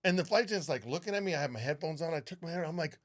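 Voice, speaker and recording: A man co-hosting a podcast, telling a story in casual, animated talk with a lot of swearing. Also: a little high, racing. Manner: animated, profane, acts out what people said. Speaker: podcast co-host, flight attendant.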